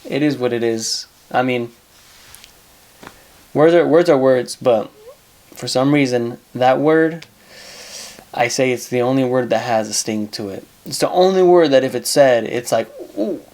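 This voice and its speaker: A man with a mid-range, slightly mellow voice hosts a casual advice monologue by himself, speaking a little slowly with long pauses. He's blunt and swears freely, repeating things to hammer his points home.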